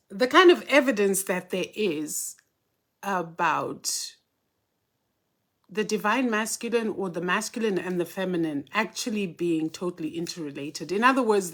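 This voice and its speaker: A woman's voice: mid-range voice, sharp tone. A woman casually hosting a livestream, greeting viewers one by one by name and mixing in Zulu and Xhosa. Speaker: spiritual teacher hosting a livestream.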